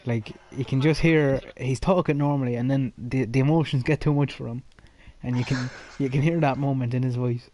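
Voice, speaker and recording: A man's voice: mid-range voice, steady tone, moderate pace, hardly any pauses, mellow. A man chats casually and laughs as he reacts to clips. His voice sits in a middle range, and faint noise is heard behind him. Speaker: co-host.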